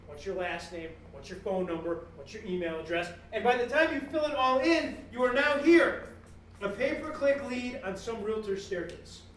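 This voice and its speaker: A man giving a joking, animated business keynote to a live audience, acting out customer exchanges as he goes. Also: very high-pitched, a little hiss or hum. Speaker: guest speaker at a business talk series. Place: event room with a live audience. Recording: echoey room, mic at a distance.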